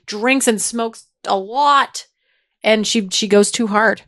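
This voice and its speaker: A woman co-hosting a podcast, retelling episodes in an animated, gushing way with frequent laughs. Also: fairly high pitch, takes it slowly, dry recording, clean studio sound. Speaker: podcast co-host. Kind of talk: casual recap chat.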